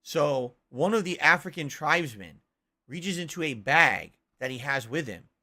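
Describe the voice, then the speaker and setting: A man's voice: fairly high pitch, lively intonation, moderate pace, bright, forceful tone. A man hosting a stream, ranting in casual chat with an incredulous tone. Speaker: streamer host.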